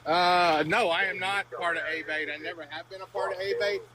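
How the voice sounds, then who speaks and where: A man's voice: high-pitched, fairly even intonation, fairly quick, a crowd in the background, poor audio. A man co-hosting a trucking podcast, talking bluntly and with a lot of swearing in a heated casual debate. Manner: blunt, profane, emphatic.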